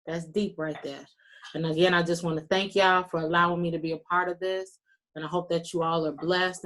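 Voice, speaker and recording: A talkative, earnest woman giving folksy closing remarks as a panelist on a video call. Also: fairly low pitch. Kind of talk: round-table closing remarks. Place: virtual meeting.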